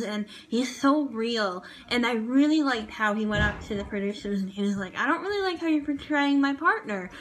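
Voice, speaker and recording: A woman's voice: on the high side, sharp tone, slight background noise, poor audio. A woman chatting casually in a vlog review of a TV show, gushing and rambling with lots of fillers. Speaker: vlogger reviewing a TV dance show.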